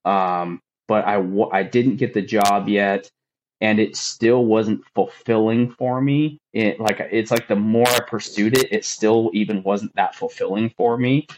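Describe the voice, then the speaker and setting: A man's voice: fairly low pitch, fairly even intonation, a little slow, slight background noise, low-quality recording. A man, a firefighter, telling his own story on a podcast in an earnest, rambling way with many fillers. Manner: earnest, rambling, emotional retelling with lots of fillers. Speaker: firefighter guest.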